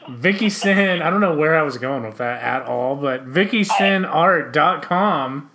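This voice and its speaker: Slow, rambling podcast host guy. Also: a little high, expressive, sharp tone, a little hiss or hum. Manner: rambling, laughs often, self-interrupting. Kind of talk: casual podcast chat.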